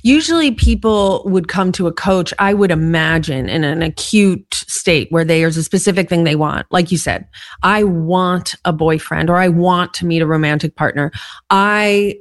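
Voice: mid-range voice, moderate pace, no echo, clean studio sound. A podcast host asking questions in an easygoing, inquisitive way. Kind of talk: podcast interview.

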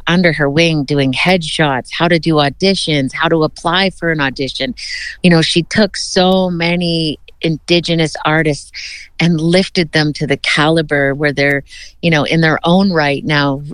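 A woman, a politician speaking in a heartfelt, measured way in a remote news interview, often saying "you know". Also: low-pitched, fairly bright tone, clean tone, no echo.

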